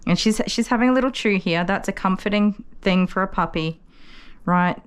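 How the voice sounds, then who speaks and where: A woman working as a dog groomer, chatting to viewers and explaining each step as she works, with soft cooing asides to a puppy. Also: mid-range voice, normal speed, clear, resonant tone. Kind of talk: casual vlog narration while working.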